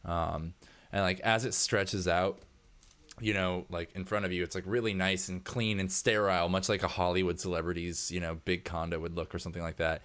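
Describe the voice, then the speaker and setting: Low-voiced casual male game master. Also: little pitch movement, a little fast, a bit bright. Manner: casual, lots of filler "like". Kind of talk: narrating a tabletop game.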